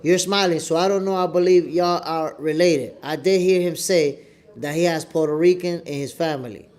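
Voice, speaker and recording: Animated New York man on a livestream. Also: on the high side, normal speed. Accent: New York City. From New York City. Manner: animated, repeats himself, talks straight to viewers. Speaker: boxing show host. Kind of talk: casual livestream chat. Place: home, at the Dominican Republic.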